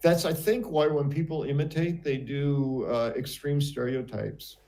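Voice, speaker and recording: A man's voice: on the high side, unhurried, dark tone. An older man from the United States hosting a casual conversation, telling stories in a reflective, hesitant way. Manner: reflective storyteller, hesitant with fillers. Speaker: host.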